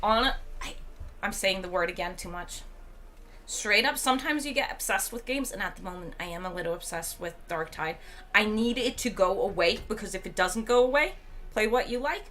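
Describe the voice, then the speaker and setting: A woman's voice: mid-range voice, animated, moderate pace, a bit bright, a little hiss or hum. A woman live-streaming games, chatting casually and rambling, her voice tired and strained. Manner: chatty, rambling, reads chat aloud. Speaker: game streamer.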